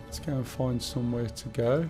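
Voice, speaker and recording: A man's voice: mid-range voice, normal speed, music in the background. A man with a Black Country accent chatting casually and rambling to himself while he streams a game. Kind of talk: casual live-stream gaming chat.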